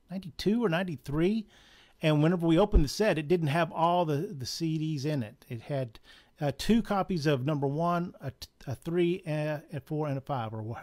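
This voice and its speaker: A man with a Southern accent running a live comic shop sale, chatty and joking as he prices items. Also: on the high side. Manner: chatty, chuckling, jokey asides. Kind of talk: casual live sale patter.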